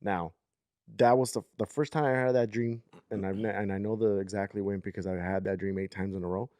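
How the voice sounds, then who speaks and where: A man in his thirties tells a long story on a podcast, rambling and checking in with his listener. His voice sits on the low side. The recording is dry and close. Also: fairly even intonation, brisk, a little mellow, no echo. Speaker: podcast co-host. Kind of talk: casual storytelling chat.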